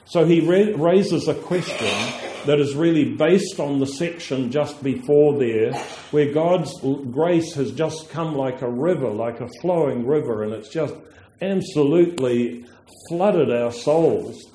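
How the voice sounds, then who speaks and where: Male preacher, sermon, slow delivery, earnest, restarts phrases, echoey room. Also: fairly high pitch, warm tone. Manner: earnest, with frequent restarts and emphatic drawn-out phrases.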